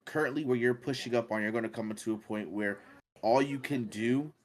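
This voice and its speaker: A man's voice: medium pitch, brisk. A man co-hosting a casual gaming podcast, rambling with many fillers and restarts. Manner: rambling, filler-heavy, animated when excited. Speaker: podcast co-host.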